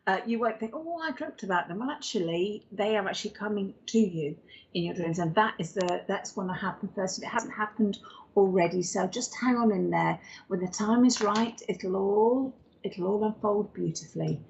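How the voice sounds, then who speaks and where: A woman's voice: mid-range voice, normal speed, gravelly, a little mellow, slight background noise. A woman co-hosting a live psychic medium show, chatting and giving readings, calling viewers darling and lovey. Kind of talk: live spiritual reading and chat. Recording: dull lo-fi livestream audio.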